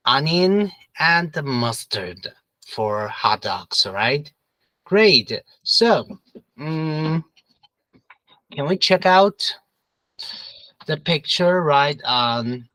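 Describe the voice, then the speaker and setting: Slow, bright-voiced male English teacher. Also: fairly high pitch, no echo, poor audio. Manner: patient, repeats questions and prompts students to answer together. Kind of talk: classroom review lesson.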